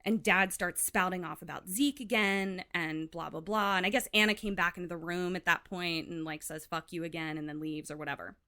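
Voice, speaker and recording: A woman co-hosting a podcast, casually retelling a film plot with lots of "like" and quick acted-out quotes. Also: fairly low pitch, steady tone, bright, forceful tone. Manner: chatty, heavy use of "like", acts out quotes. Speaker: podcast co-host.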